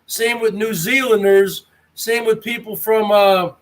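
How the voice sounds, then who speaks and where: A man's voice: high voice, fairly even intonation, unhurried. An American man hosting a casual livestream, reading chat and taunting viewers by name. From United States. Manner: mocking, taunting, talks straight to chatters.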